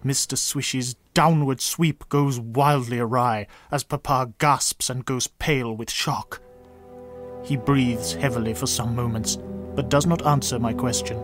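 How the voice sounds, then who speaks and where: A man narrating a comic story with a dry, deadpan delivery. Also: mid-range voice, a little slow, music in the background.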